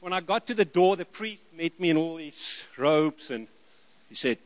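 A middle-aged South African man preaching, telling lively stories and acting out the dialogue. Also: a little high, moderate pace. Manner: lively anecdotal, acts out dialogue, chuckles. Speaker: missionary preacher. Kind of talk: sermon storytelling.

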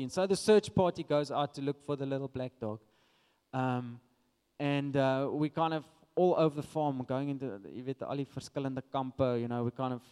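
A man's voice: mid-range voice, darkish tone, clear, resonant tone, big-room sound. A South African man preaching a sermon, telling a personal story in a casual way with many fillers.

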